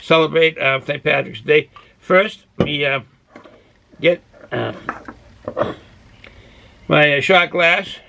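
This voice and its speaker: A man's voice: fairly high pitch, takes it slowly, gravelly, pauses often, sharp tone, a little hiss or hum. A man from Boston hosting a casual beer review vlog, who rambles and goes off on tangents while drinking and snacking. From Boston, USA. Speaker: beer review channel host.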